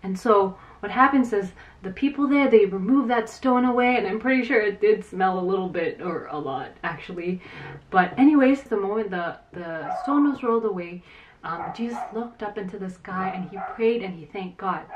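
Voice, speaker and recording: A woman teaching Sunday school to children, retelling a Bible story in an animated way and acting out the quotes, with some fillers. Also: mid-range voice, moderate pace, far from the mic, muffled recording, background noise.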